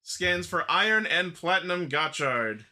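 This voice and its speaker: A man's voice: fairly high pitch, lively intonation, unhurried, pushed and bright. A man hosting a casual podcast, introducing topics and steering the chat. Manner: runs the segments, announces topics. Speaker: podcast host.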